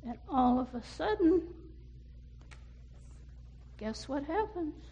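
A woman telling a cautionary story to children, pausing to ask her listeners questions. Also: high voice, animated, mellow.

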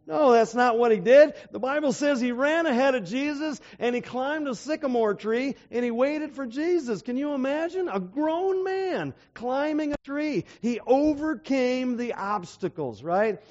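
A man's voice: very high-pitched, expressive, measured pace, hardly any pauses, a little mellow. A man preaching a sermon who keeps asking his listeners rhetorical questions and retells stories with emphasis. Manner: asks the audience rhetorical questions. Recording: dull lo-fi recording.

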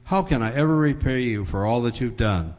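A humble, grateful mother pleads and thanks the doctor, put on by a man telling a story. The voice sits a bit higher than the teller's own. It sounds dull and echoes in a long hall. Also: lively intonation, a little fast, darkish tone, lightly acted. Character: poor, grateful mother of a blind girl. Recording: dull recording in a large hall.

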